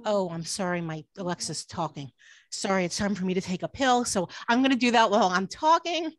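A woman's voice: medium pitch, fairly quick, no room sound. A woman book editor giving an online workshop talk from home over a video call, earnest, often restarting her sentences with "um"s. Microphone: computer mic on a video call.

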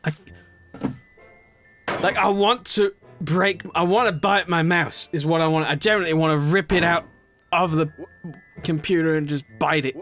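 Bright-voiced young man raging at a game. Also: normal speed, soft background music. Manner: swings from low muttering to shouted outbursts, swearing. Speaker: gaming YouTuber. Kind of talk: raging gameplay commentary.

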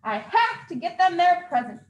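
A woman's voice: very high-pitched, big pitch swings, moderate pace, highs cut off. A woman voicing a jolly, kind old Santa Claus in a storybook read-aloud, hearty and encouraging. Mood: determined. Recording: echoey room.

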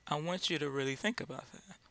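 A Bible teacher gives an informal lesson, speaking directly and hammering his points with repeated rhetorical questions. His voice is on the high side, fast, creaky and a bit bright.

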